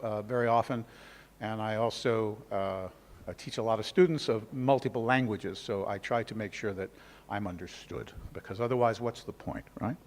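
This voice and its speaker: A man's voice: fairly low pitch, normal speed, big-room sound. A middle-aged man from New York with an American accent, giving a casual, joking conference talk with many fillers. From New York City. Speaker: conference speaker, instructor. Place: conference hall.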